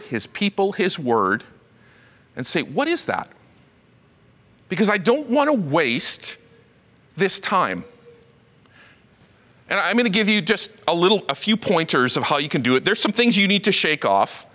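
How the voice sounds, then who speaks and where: An animated male pastor preaching with a bright, lively voice that climbs and dips across a wide range. His delivery is conversational, full of asides. It rings out with a long reverb, as in a large church hall. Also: sits high. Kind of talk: sermon. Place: church auditorium.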